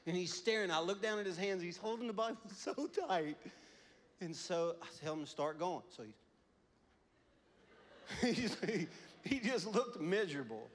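A male pastor in a church, preaching in a somewhat high voice. He tells stories animatedly, laughing often, swinging between hushed asides and loud exhortation. A long reverb hangs in the room. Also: expressive, moderate pace, long pauses, slight background noise. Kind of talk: sermon.

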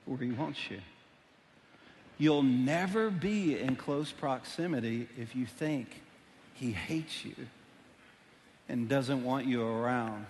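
A middle-aged man, preaching a sermon as pastor, telling stories animatedly and swinging between loud and hushed. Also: medium pitch, a little hiss or hum. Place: church auditorium. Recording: long reverb of a large hall.

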